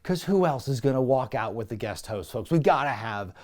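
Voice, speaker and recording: A man's voice: mid-range voice, lively intonation, fairly quick, a little mellow. A man hosting a wrestling review show, giving a casual, sarcastic recap and talking to viewers as folks. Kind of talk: casual comedic recap commentary.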